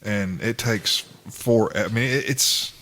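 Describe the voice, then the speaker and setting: A man with a lowish voice talks in a loose, casual podcast chat. He explains things at length and repeats words while he thinks, like a regular who knows courtroom procedure. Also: takes it slowly, fairly bright tone. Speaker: podcast co-host with courtroom experience.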